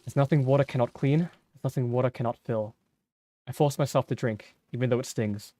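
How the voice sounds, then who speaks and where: A man streaming himself as he reads a story game aloud in a slow, somber, measured voice. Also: medium pitch, warm tone, dry recording.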